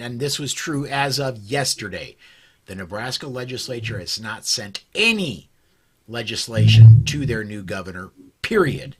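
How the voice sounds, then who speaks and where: A man hosting a podcast in a middle-pitched voice. He is from South Dakota and talks in a halting way, with many restarts. He steers the talk and hands it off to the others. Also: husky. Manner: hesitant, lots of restarts. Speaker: podcast host. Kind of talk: casual news discussion.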